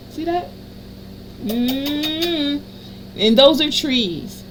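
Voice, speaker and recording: A woman with a fairly high voice gives a card reading in a soothing, affirming tone. She piles up phrases in gentle repetitive lists and slows down on the words she wants to land. A faint hum of noise sits behind her. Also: expressive. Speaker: energy reader and healer. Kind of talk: tarot card reading for a general audience.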